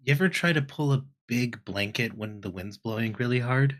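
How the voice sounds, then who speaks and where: A man's voice: medium pitch, normal speed, a bit bright. A man playing a tabletop game in character, thinking aloud with hesitant restarts.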